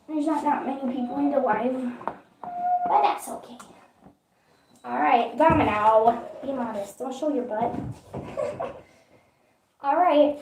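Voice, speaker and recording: A woman's voice: high voice, a little slow, pauses often. A woman live-streaming as she bathes her dog, cooing baby talk at it. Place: bathroom during a dog bath. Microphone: phone camera set down away from her. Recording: echoey bathroom, from far off, noisy.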